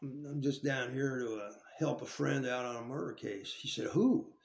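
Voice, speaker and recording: A man's voice: medium pitch, fairly even intonation, normal speed, gravelly, reverberant. A man casually telling a story from his time in jail, swearing freely and restarting his sentences often. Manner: profane and rambling with many restarts.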